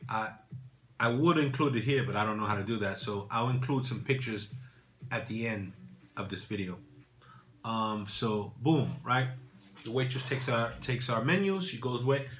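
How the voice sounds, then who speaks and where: A man's voice: normal speed, a bit bright. A man vlogging about watches, telling a rambling, casual story with many repeats and asides. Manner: rambling, repeats phrases, says "boom" and "right?".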